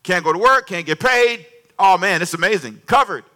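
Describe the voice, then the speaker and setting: A male preacher giving a lively sermon, calling out questions to the congregation and acting out dialogue with sudden drops and rises in volume. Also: sits high, normal speed. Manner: animated, call-and-response with congregation; acts out dialogue with varied volume.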